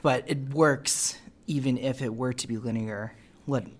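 A woman on a podcast talking casually about a film, halting often with fillers and restarts. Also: extremely low pitch. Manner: hesitant, many fillers and restarts. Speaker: podcast co-host.

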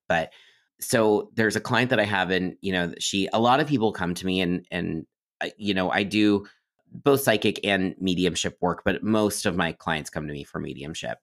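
Deep-voiced guy rambling through stories on a podcast, lots of "you know"s. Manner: chatty, many fillers and restarts, warm storytelling. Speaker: psychic medium guest. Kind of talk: casual podcast interview storytelling.

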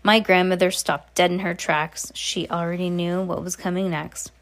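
A woman's voice: on the low side, flat delivery, normal speed. A woman reading a novel aloud, with occasional slips and restarts. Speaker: reader.

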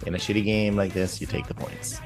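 A man's voice: low voice, sing-song, brisk, gravelly, music in the background. A man co-hosting a sports podcast in a laid-back, slangy way. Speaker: podcast co-host. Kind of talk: casual sports chat.

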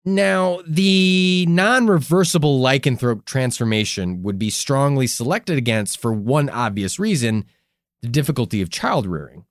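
A man's voice: mid-range voice, animated, unhurried, no echo, studio quality. A man co-hosting a podcast in casual, crude, joking chat, explaining research along the way. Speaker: podcast co-host.

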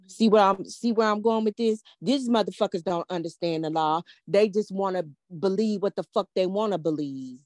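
An older woman hosts a casual show and tells a story with plenty of swearing. She builds suspense with rhetorical questions. Her voice sits at a middle pitch and sounds dry and close to the mic. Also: normal speed, darkish tone, dry recording. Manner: blunt, profane, emphatic, keeps asking rhetorical "guess what". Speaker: podcast host. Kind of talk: casual storytelling to a live audience.

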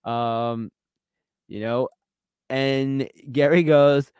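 A man's voice: medium pitch, clear, resonant tone, dry recording, clean studio sound. A man co-hosting a podcast, retelling a dating show finale in casual chat, laughing a lot and acting out the quotes. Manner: animated storytelling, laughs often, quick reenacted quotes. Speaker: podcast co-host.

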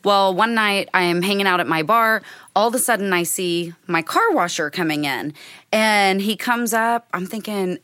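A woman from Arkansas in her thirties co-hosts a podcast, spinning anecdotes at an easy, animated clip. Her voice is bright and up front, in a dry, close studio sound. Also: medium pitch, moderate pace, no room sound. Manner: laid-back, animated anecdote teller. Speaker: co-host and bar owner. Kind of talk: casual storytelling.

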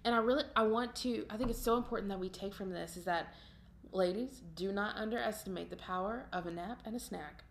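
A woman's voice: mid-range voice, fairly quick, vocal fry. A woman with an ordinary mid-range voice talks through a scripture story on a faith podcast. She retells it loosely, in her own everyday words, with plenty of ums and restarts. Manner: casual, retells with many ums and paraphrases. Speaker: podcast co-host.

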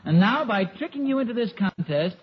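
A stammering, sheepish husband and father in a 1950s radio sitcom. His voice sits a bit high and swings widely as he fumbles for words. The sound is dull, like an old radio broadcast. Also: lively intonation, brisk, a little hiss or hum. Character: easygoing middle-aged husband and father.

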